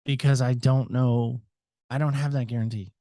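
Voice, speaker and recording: With no room sound in the background, a podcast guest from the US talks at length in a mid-range voice. His intonation stays fairly even and his pace moderate, though his volume swings widely. It's chatty, reflective interview talk.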